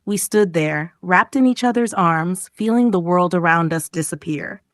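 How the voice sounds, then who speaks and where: A woman's voice: moderate pace, no room sound, clean studio sound. A woman reading short emotional stories for English learners, giving each quoted line its own feeling. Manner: reads paragraph titles, then acts out quoted lines with raised pitch. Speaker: English lesson reader. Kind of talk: expressive story reading.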